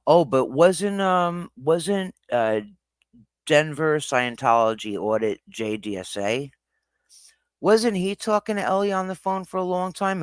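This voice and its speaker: A man hosting a livestream, ranting with angry profanity. His voice sits a touch high and swings widely in pitch, though he talks slowly and deliberately. The sound is dry and close to the mic. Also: a bit bright, no room sound. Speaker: livestream host. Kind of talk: heated reaction livestream.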